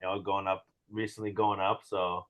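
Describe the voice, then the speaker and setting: A male podcast host speaking softly in laid-back casual chat. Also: low voice, little pitch movement, moderate pace.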